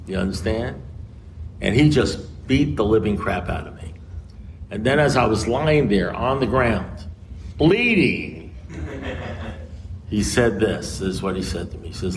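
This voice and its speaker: An American man speaking at a recovery meeting, telling a story and acting out both sides of a conversation with big swings in pitch. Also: a little slow, pauses often. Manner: animated, acts out dialogue with swings in pitch. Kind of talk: storytelling talk. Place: meeting room. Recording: noisy room recording.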